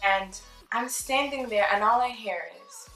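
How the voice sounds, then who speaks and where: A young woman spins a casual storytime for her channel, chatty and lively, slipping into the voices of people she quotes. Her tone is bright and forward. The room around her sounds roomy, with faint music underneath. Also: a little high, a little slow. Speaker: vlogger.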